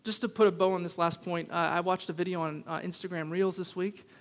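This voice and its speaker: A pastor delivers a sermon in a high, bright male voice, telling casual stories and then building to emphatic, rising lines. His voice rings out with long reverb through a church sanctuary. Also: brisk. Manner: animated preaching with rising emphasis; conversational storytelling asides.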